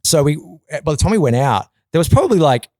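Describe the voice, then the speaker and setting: A man telling a long, animated story in a casual podcast chat, often swearing and acting out quotes in a loud, high voice. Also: fast talker, dry recording. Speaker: podcast guest.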